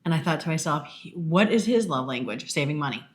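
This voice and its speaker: A woman's voice: low voice, animated, brisk. A woman co-hosting a casual podcast with her husband, telling stories in an earnest, emphatic way. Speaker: podcast co-host. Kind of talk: casual conversation.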